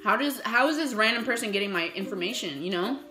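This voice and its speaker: A woman's voice: on the high side, expressive, fast. A young adult woman vlogger telling a story in a chatty, casual way, swearing freely and acting out what people said. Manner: chatty, swears a lot, acts out quotes. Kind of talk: casual storytelling while eating. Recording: echoey room with faint music.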